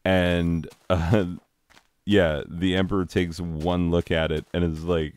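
A young American man, a high school teacher, chatting casually while playing a game, rambling with frequent laughs and silly acted-out quotes. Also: little pitch movement, takes it slowly, darkish tone.

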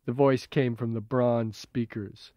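A man reading his own novel as an audiobook in a measured, even way, heard as dull old tape. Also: medium pitch, dry recording. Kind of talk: audiobook narration.

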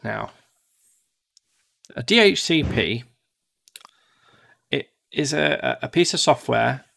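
Gravelly-voiced man tutoring casually. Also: mid-range voice, expressive, slow pace, fairly bright tone. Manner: chatty, acts out devices in silly voices. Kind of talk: casual one-to-one teaching.

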